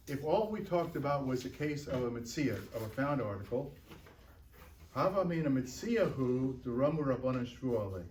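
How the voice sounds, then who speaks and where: A man's voice: medium pitch, a little mellow, slight background noise. A man teaching a text to a class, often checking in with "right?" and "okay?" and repeating words as he thinks aloud. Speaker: Talmud teacher. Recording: roomy, picked up from a distance.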